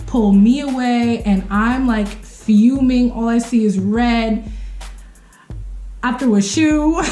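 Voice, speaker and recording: A young woman vlogger telling a dramatic story time in a casual, expressive way, acting out what people said with sudden jumps in pitch. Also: roomy sound.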